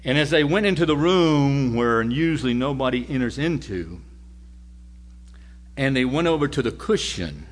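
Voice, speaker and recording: Speaking at a medium pitch, a man preaches a sermon by telling a story conversationally. He shifts between loud lines and near-whispers.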